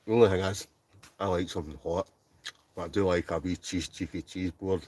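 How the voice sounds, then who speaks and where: Deep-voiced Scottish man chatting casually. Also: fairly even intonation, fairly quick, darkish tone. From Scotland. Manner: chatty, laughs often, reads viewer comments aloud. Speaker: livestream host. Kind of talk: casual live chat reading comments. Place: inside a tent.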